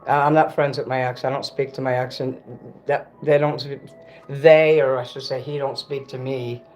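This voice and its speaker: A man's voice: medium pitch, flat delivery, normal speed, darkish tone, faint music behind. A man on a casual livestream, ranting bitterly and cursing, often stopping to correct himself. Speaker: livestream host.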